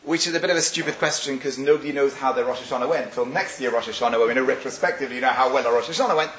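A man's voice: medium pitch, very fast, fairly bright tone. A man giving a religious talk, telling a story animatedly with frequent fillers, in a roomy recording. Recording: roomy with faint hiss.

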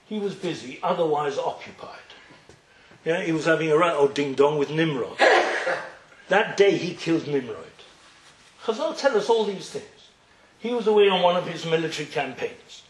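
A man's voice: fairly high pitch, moderate pace. A man giving a storytelling Torah lecture, acting out the characters' dialogue with humorous asides. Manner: animated, acts out dialogue in voices, humorous asides. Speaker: Torah teacher. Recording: echoey room with faint noise.

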